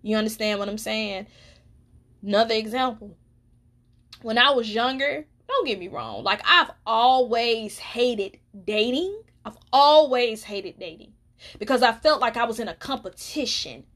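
A woman's voice: a little high, lively intonation, unhurried, a bit bright. Candid, emphatic woman podcaster. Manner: candid, emphatic, preachy, swears freely. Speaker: podcast host. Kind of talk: casual solo podcast monologue.

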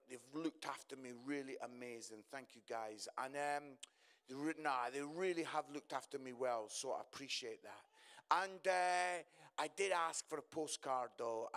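A man's voice: a little high, a bit bright. A middle-aged man giving a humorous sermon as a guest speaker at a church service. He is chatty and jokey and often tags his lines with "yeah?". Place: church service before a congregation.

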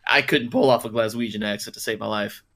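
Guy cohosting a podcast, bright forceful voice, jokey and animated. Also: lowish voice, fast talker. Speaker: podcast co-host. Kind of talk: casual podcast chat.

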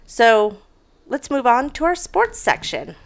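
Animated, swearing young woman co-host. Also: a little high, takes it slowly, creaky. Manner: animated storyteller, swears freely. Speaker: podcast co-host. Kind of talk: casual chat, reading odd news stories.

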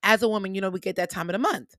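A woman's voice: mid-range voice, racing, no room sound, clean studio sound. A young adult woman hosting a podcast, talking casually and encouragingly to her listeners, calling them y'all. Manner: animated, chatty, addresses listeners as y'all. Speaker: podcast host. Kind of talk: casual motivational podcast talk.

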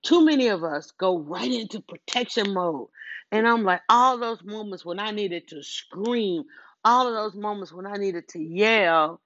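A woman's voice: medium pitch, animated, a little slow, a bit bright, lo-fi sound, a little hiss or hum. A woman telling a personal story in a casual monologue, earnest and rambling, with many restarts and asides to the listener.

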